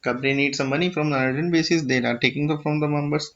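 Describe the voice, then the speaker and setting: Over dull lo-fi audio, a man with an Indian English accent presents a screen-share tutorial, explaining a government filing form step by step. His voice sits on the high side, steady, fast and a bit bright. He frequently restarts sentences and keeps asking "okay?" to check understanding.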